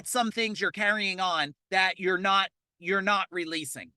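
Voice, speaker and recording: A man coaching a live motivational webinar in a fast, energetic delivery. His voice is forceful and punchy, with a dry, close sound and no room echo. He repeats key points and keeps prompting the audience to respond. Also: sits high, smooth. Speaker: business coach leading an online challenge. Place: outdoors in a parking lot.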